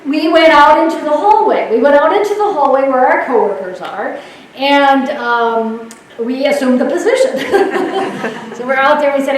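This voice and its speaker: A woman nurse giving a storytelling talk, lively and laughing, acting out voices. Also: sits high, moderate pace, far from the mic, slight background noise. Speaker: nurse speaker. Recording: echoey hall, mic heard from afar.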